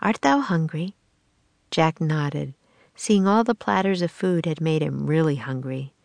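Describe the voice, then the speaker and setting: A woman reads a children's chapter book aloud with calm, even storytelling. Her voice is low with a gravelly texture. The sound is close and dry. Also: measured pace, no room sound. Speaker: audiobook reader. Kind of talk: children's audiobook narration.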